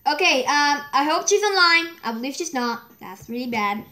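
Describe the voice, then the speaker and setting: A woman's voice: high voice, animated, normal speed, few pauses, bright, forceful tone. A woman giving a chatty, easily exasperated running commentary as she plays a game and records a video on her phone. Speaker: gaming video creator. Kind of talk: casual running commentary while gaming. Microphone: phone microphone.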